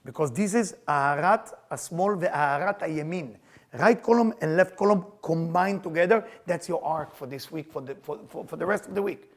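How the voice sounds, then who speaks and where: Older guy giving a kabbalah class, high voice, keeps repeating his questions, broken grammar. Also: fairly quick. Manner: emphatic, repeats questions, non-native grammar. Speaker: Kabbalah teacher. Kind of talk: spiritual class lecture.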